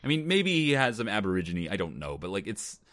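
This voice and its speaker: Young male podcast co-host, low voice, dry close mic, wry casual delivery. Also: sing-song, fast, a bit bright, no room sound. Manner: wry, laughs while recapping scenes. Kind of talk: casual movie-review chat.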